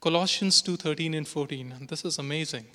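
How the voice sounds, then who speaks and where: Guy preaching a sermon, earnest, kinda high and bright, big echoey church hall. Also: brisk. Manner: earnest, reads scripture aloud with emphasis. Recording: long hall reverb.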